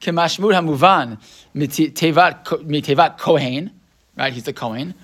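A man's voice: fairly high pitch, moderate pace, fairly bright tone, breathy edge. A man teaching a Torah class in a casual, rambling way, with many restarts and tag questions.

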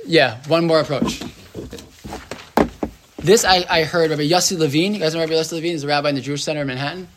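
A man's voice: fairly high pitch, steady tone, fast talker, long pauses, background noise. Guy rabbi giving a torah class, loose and talky, lots of like and right, hebrew words sprinkled in. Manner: chatty, asks the room "right?", lots of restarts and "like"; mixes Hebrew terms into English.

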